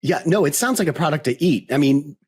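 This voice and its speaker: A man co-hosting a podcast in casual chat, easygoing and quick to laugh. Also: fairly high pitch, lively intonation, a little mellow, slightly rough. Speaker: podcast co-host.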